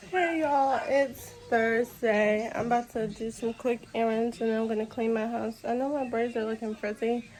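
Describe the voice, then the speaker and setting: A woman vlogging casually, telling a story in an animated, exasperated way with repeated restarts. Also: on the high side. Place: in a car and around home.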